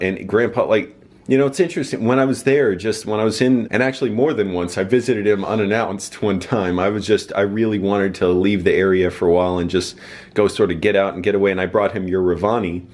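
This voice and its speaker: Lowish-voiced man, casual YouTuber, rambles through his thoughts. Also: steady tone, fairly quick, a little mellow. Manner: rambling, many fillers and restarts. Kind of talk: casual talk to camera.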